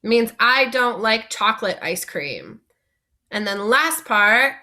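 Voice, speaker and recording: Woman teacher going through french vocab real slow, kinda high bright voice, has you repeat after her. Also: big pitch swings. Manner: slow, patient, asks learners to repeat words. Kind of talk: classroom vocabulary lesson.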